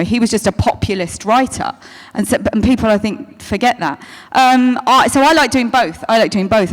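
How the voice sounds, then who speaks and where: A woman answering fan questions at a convention, chatty, stopping and restarting, calling people darling. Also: medium pitch. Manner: chatty, self-interrupting, calls people darling. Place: convention hall stage. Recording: long hall reverb.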